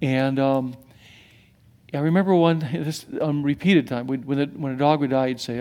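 A middle-aged man preaching a sermon as pastor, animated and swinging from hushed to emphatic, with many restarts. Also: mid-range voice, moderate pace.

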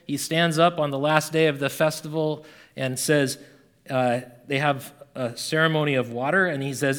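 A man preaching a sermon in a conversational, animated way, rising and falling in volume as he reads scripture. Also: fairly high pitch, moderate pace. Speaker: pastor.

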